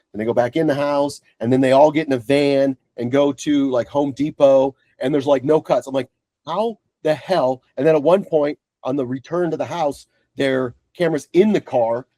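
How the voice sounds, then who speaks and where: A man's voice: medium pitch, no echo. A man co-hosting a casual podcast, telling stories with lots of swearing and acted-out quotes. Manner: animated storyteller, swears freely. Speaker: podcast co-host. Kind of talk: casual chat.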